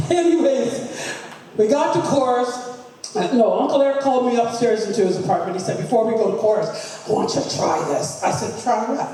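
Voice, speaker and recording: A woman's voice: on the high side, moderate pace, dark tone. A middle-aged woman giving a humorous family tribute at a memorial, telling a story and laughing through her lines. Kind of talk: humorous anecdote at a memorial celebration. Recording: echoey hall recorded from far off.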